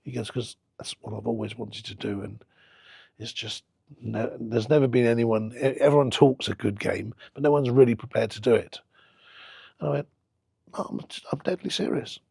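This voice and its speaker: A man's voice: mid-range voice, moderate pace, gravelly, breathy edge, no room sound. A middle-aged man, a football club owner telling stories in a casual interview and acting out the conversations he recalls. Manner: animated anecdote-telling, acting out quoted exchanges.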